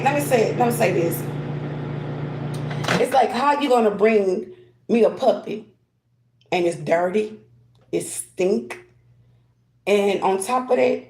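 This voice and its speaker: A woman's voice: medium pitch, slow, creaky, long pauses, darkish tone, roomy sound, rough recording. A woman chatting casually and bluntly while getting ready, giving spiritual readings, repeating her phrases for emphasis. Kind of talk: casual get-ready-with-me chat.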